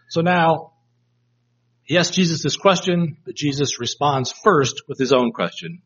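In a mid-range, fairly bright, slightly rough voice with lively intonation and normal speed, a man teaches a live Bible study class. He reads verses aloud reflectively, trying out different inflections, captured in a dull lo-fi recording.

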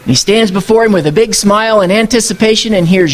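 A man's voice: sits high, quick pace. A man preaching a sermon, working through scripture verse by verse in a conversational tone and asking his listeners rhetorical questions. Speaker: pastor.

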